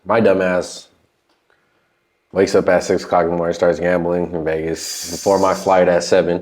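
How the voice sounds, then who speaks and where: A man's voice: low voice, level tone, moderate pace, a little mellow. A man hosting a podcast, chatting casually and telling loose, profane stories about studio sessions. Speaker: podcast host.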